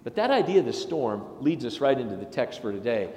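A man, a pastor, delivering a sermon in a chatty, anecdotal way with lively asides. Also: mid-range voice, brisk, a little hiss or hum. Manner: conversational and anecdotal, with animated asides. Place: large church sanctuary. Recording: echoey sanctuary with long reverb.

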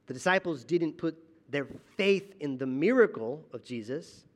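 Man, pastor, sermon, fairly high voice, dramatic swings loud to hushed, church auditorium. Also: lively intonation, moderate pace.

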